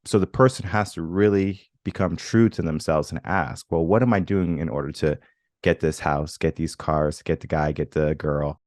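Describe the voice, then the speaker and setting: Male podcast host in his thirties, very low voice, dry close sound, reflective storyteller. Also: fairly even intonation, moderate pace, darkish tone, no room sound. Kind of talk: conversational interview.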